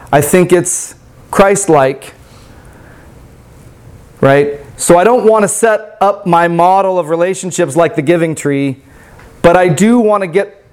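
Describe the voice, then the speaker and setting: High-voiced reflective male preacher. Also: a little mellow. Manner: conversational, reflective, with many fillers. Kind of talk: storybook reading and sermon reflection.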